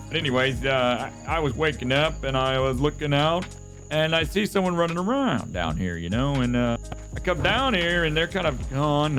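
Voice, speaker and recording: Man, rambling in-game storyteller, lively rising and falling pitch, clear music behind. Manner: rambling, animated, with many fillers. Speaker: role-play gamer. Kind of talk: casual in-character storytelling.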